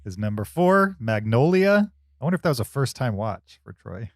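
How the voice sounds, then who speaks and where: A man in his forties co-hosts a casual movie podcast chat in a dry, teasing way. His voice sits at a middle pitch. The recording is close and dry, with no room sound. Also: very animated, normal speed, darkish tone, dry recording. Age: 40s. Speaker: podcast co-host.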